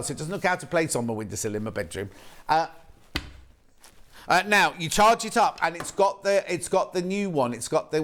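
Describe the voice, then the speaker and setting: A man presenting on a shopping channel, chatting in a rambling, excitable way while demonstrating a product live. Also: a little high. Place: TV studio.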